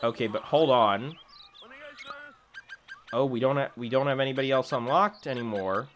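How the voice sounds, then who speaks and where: A man casually commentating his own gameplay, chatty and self-deprecating, thinking out loud as he plays. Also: medium pitch, normal speed, muffled recording, slight background noise. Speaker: gaming video host. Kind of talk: casual let's-play commentary.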